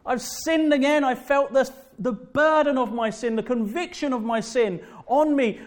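A man with a notably high speaking voice delivers a sermon from the pulpit. He preaches with fervour, repeating phrases and slowing down to press home key words. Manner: fervent preaching with emphatic repetition and slow drawn-out stresses. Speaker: pastor.

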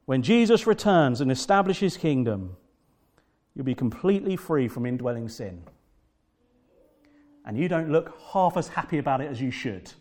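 A man preaching a sermon as pastor, fervent and emphatic, repeating phrases and slowing down to stress key words. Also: medium pitch, lively intonation, a little mellow.

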